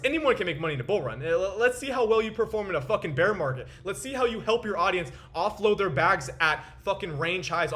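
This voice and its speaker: High, forceful young man ranting profanely. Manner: profane, boastful, frustrated. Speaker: crypto trader and video host. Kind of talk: ranting market commentary to camera.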